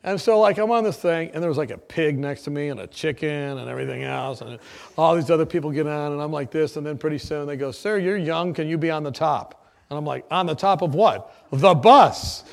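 A man preaching, telling his testimony as a lively story, often laughing and acting out the people in it. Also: fairly high pitch, brisk, vocal fry. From United States. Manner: animated storyteller, often laughing, acts out shouts.

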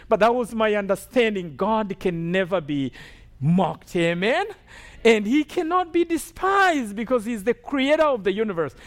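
A man from Rwanda preaching a sermon testimony, telling his story emphatically and checking in with the congregation. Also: very high-pitched. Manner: emphatic storytelling with call-and-response asides.

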